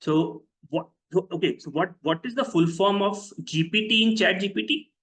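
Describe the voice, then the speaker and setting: A fairly high-pitched man presents a webinar. He explains ideas step by step in a teaching tone. He keeps pausing to put questions to his listeners. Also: a bit bright, rough recording. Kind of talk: live online lecture.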